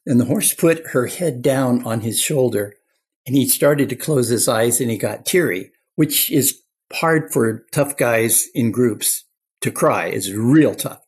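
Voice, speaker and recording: A man's voice: mid-range voice, a little mellow, husky. An older man, a clinical psychologist, telling stories earnestly as a guest in an interview. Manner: earnest anecdotal storyteller. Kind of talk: storytelling interview talk.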